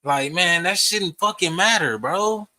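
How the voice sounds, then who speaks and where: A man's voice: sits high, unhurried, pushed and bright, no echo. A young man, ranting profanely to camera in a heated, rambling way. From Texas. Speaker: vlogger. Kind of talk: casual rant to camera.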